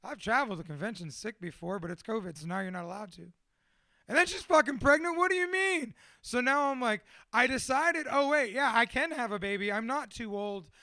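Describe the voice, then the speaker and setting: Man, 30s, motivational speaker. Profane, rambling, self-mocking monologue. Very high, bright voice, dry recording. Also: fairly quick, dry recording. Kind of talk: candid personal monologue.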